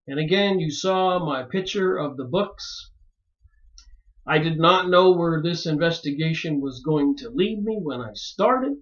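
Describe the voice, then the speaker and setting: A man's voice: fairly high pitch, expressive, measured pace, muffled recording. A man talking straight to his viewers in an emphatic monologue that rises into pleading exclamations. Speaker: video maker reviewing books. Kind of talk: monologue to camera.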